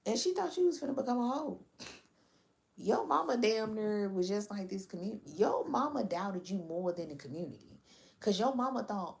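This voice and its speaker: Woman doing a casual reading, blunt and slangy, gravelly voice. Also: mid-range voice, animated, normal speed, darkish tone. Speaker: tarot reader.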